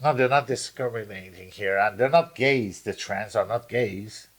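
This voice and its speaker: A man co-hosting a podcast, bantering crudely in a rambling, halting way with lots of fillers. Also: fairly low pitch, slightly rough. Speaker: podcast co-host.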